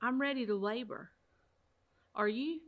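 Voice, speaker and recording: Earnest high-voiced woman teaching Bible study. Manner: earnest, heartfelt, repeats phrases for emphasis; sometimes halting, restarts words. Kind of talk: online Bible study talk.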